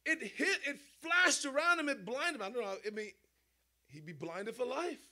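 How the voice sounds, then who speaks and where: Male preacher, animated sermon, high-pitched voice, rhetorical questions, playful sound effects. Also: normal speed.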